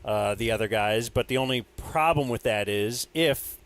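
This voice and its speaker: A man on a sports podcast, talking casually with his co-host. He lays out his thoughts in a relaxed, conversational way. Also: mid-range voice, moderate pace.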